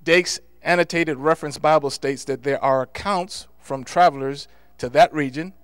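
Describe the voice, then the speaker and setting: A man preaching a sermon, reading scripture aloud and rising to loud, emphatic delivery when he quotes it. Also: a little high, normal speed, smooth, no room sound.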